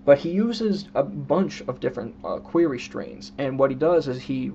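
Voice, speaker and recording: A man with a gravelly, fry-edged voice talks through a book review at an easy pace, reading quotes aloud and calling out each emphasis. The recording is dull and lo-fi, with a faint hum underneath. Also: mid-range voice, animated, mellow. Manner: unhurried, explanatory, with restarts. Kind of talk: casual spoken book review. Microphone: own camera setup.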